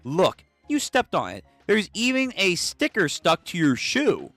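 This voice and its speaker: A man's voice: sits high, huge pitch swings, measured pace, a bit bright, no echo, faint music behind, voice pushed up, exaggerated voice. A man voicing a prim, accusing mother who lectures a boy while reading a comic aloud. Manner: reproachful, lecturing. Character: scolding middle-aged mother, prim and accusing.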